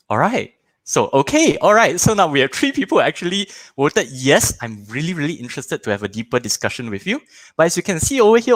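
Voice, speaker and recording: Lively, playful man hosting a workshop. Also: medium pitch, no room sound. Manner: animated and playful, jokes with the audience. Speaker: parenting workshop host. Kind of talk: live online workshop running audience polls.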